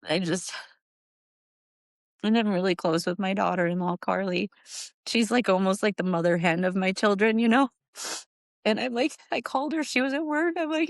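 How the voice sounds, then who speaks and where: A middle-aged woman with a gravelly, creaky voice, telling her story in halting, repeated phrases. Her pitch leaps up high as she relives the hardest moments. The sound is dry and close. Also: steady tone, no echo. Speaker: guest, grieving mother. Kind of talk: emotional personal storytelling.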